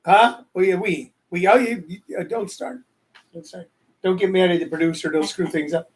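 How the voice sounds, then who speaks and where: A man's voice: sits high, normal speed. A man hosting a casual live show, joking and rambling as he answers commenters from the chat. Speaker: show host.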